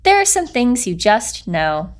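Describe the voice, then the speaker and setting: Small confident frog, teasing, high bright voice, read by a woman. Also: wildly swooping pitch, unhurried.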